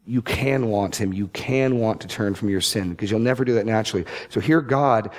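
A man giving expository Bible teaching, reading scripture slowly and stressing key words. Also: on the low side. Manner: deliberate, emphatic scripture reading.

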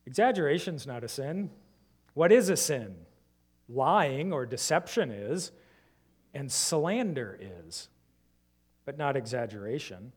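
A man preaching a sermon, questioning his listeners and swinging between emphatic rises and soft, low drops. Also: big pitch swings, slow pace, long pauses, slightly rough. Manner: asks the congregation many rhetorical questions.

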